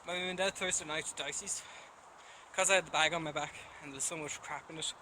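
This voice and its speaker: A man's voice: a little high, steady tone, quick pace, noisy background. A man with a Dublin Irish accent, chatting casually to camera at home in a rambling, self-deprecating way. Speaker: vlogger.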